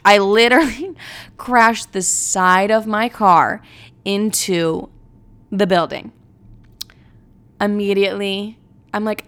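A young woman hosting a podcast, telling stories in a brash, profane, animated monologue. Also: medium pitch, normal speed, creaky, smooth. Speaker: podcast host. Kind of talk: casual storytelling monologue.

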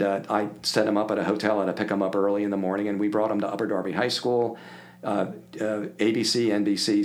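An older man from the Philadelphia area, a guest telling animated stories and acting out the people in them. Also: lowish voice. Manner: animated anecdote-telling, acts out quoted voices. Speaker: podcast guest. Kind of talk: casual storytelling.

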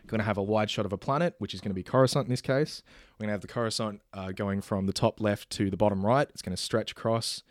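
Talking fast, a man casually pitches a movie idea, stumbling through fillers and restarts and now and then performing characters' lines himself. The audio is studio quality with no echo.

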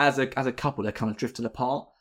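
A man's voice: medium pitch, steady tone, very fast. A man hosting a casual film podcast quiz, rambling through plot summaries with lots of "kind of" fillers. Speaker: podcast host, quizmaster.

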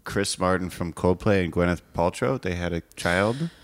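A man co-hosting a podcast, chatting casually, giving playful drawn-out hints with frequent laughs. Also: sits low. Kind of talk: casual chat.

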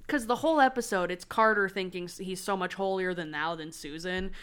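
A woman's voice: fairly low pitch, a little fast, a bit bright, smooth. A woman co-hosting a podcast, retelling TV scenes in casual chat and acting out the lines. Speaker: podcast co-host.

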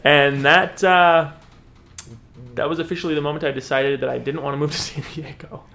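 A man's voice: a little high, a little fast, vocal fry, a little hiss or hum. A man telling a funny story in casual podcast chat, laughing often and acting out the voices of people in it. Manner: animated, laughing, acts out voices in quotes. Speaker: podcast host.

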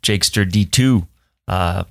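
A man talks in a low, gravelly voice, casually co-hosting a hiking podcast. He jokes, laughs easily and rolls through sponsor reads. The sound is close and dry. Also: a little slow, fairly bright tone, no echo. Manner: jokey, laughs often. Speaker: podcast co-host.

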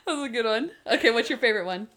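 A chatty woman talks casually as a podcast co-host, walking through favorite moments from a TV show. She keeps it loose and conversational, breaking into quick quoted lines from the scenes she describes. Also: a little high, lively intonation, fairly bright tone. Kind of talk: casual chat recapping a TV show.

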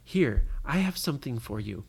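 A storyteller voicing a brave, kind young boy captain in a bedtime story, speaking gently and reassuringly. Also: medium pitch, big pitch swings, normal speed, vocal fry, slightly rough, full character voice. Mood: gentle.

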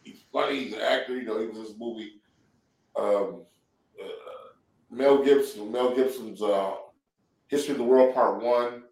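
Speaking at a moderate pace with frequent pauses, this middle-aged San Diego comedian and actor has a medium-pitched, somewhat dark voice. As an interview guest, he laughs through loose, profane stories in a casual chat, picked up by a distant mic that sounds roomy.

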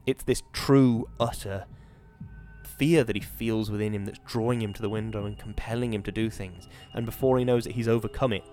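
Low-voiced man reading horror aloud. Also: fairly even intonation, fairly quick, dark tone, faint music behind. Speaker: podcast host reading a horror novel. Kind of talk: dramatic reading and casual commentary.

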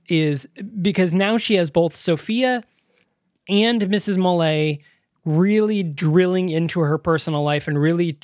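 A podcast co-host in casual movie review chat, animated, swearing freely and laughing often. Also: medium pitch, no echo, studio quality.

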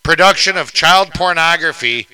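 A man's voice: fairly high pitch, normal speed, sharp tone, poor audio. A man hosting a casual podcast, reading news items aloud and riffing with crude jokes. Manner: joking, profane, reads news aloud then riffs.

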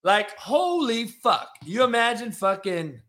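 A man hosting a sports podcast, ranting in a profane, animated, casual way. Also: high voice, slow. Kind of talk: casual chat.

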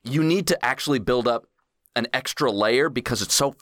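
A man's voice: mid-range voice, normal speed, a bit bright, dry recording, clean studio sound. A man co-hosting a podcast, rambling and joking profanely with friends. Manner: profane, rambling, laughs often. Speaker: podcast co-host. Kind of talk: casual comedic banter.

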